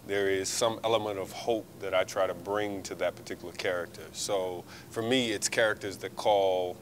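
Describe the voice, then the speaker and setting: Low-voiced man, off-mic and noisy. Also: fairly even intonation, moderate pace. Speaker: actor guest. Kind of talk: casual interview answers. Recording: distant mic with noise.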